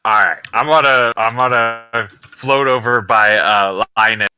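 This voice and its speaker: A man's voice: mid-range voice, unhurried, pushed and bright, rough recording. A man playing a tabletop game in casual chat, asking thoughtful questions about the game world. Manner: inquisitive, working through questions. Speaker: player.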